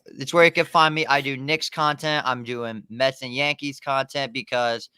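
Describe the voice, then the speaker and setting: A man's voice: mid-range voice, fairly even intonation, normal speed, pushed and bright, smooth, no echo, studio quality. A man appearing as a guest sports content creator on a video call, cocky and brutally frank in casual chat. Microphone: webcam on a video call.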